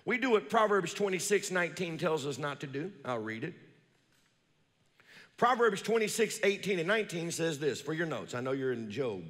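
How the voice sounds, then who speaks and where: A fairly high-voiced man preaching to his congregation in a church with a long ringing reverb. He stretches scripture out slowly, then drops into low, quiet asides and calls for the people to read along with him. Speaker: pastor. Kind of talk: sermon. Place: church sanctuary.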